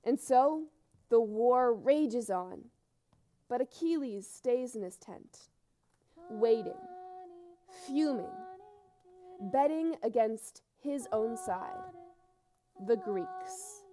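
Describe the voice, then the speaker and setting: A woman's voice: fairly high pitch, expressive, drawn-out words, long pauses. An actress narrating an epic on stage, switching between chatty asides and dramatic telling, in a live theater performance. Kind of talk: theatrical storytelling. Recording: loud music under the voice.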